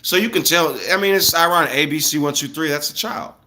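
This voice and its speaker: A man's voice: on the high side, fast talker, pushed and bright. A man in his thirties from the United States, ranting casually to viewers in a loose, slangy, blunt way. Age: 30s.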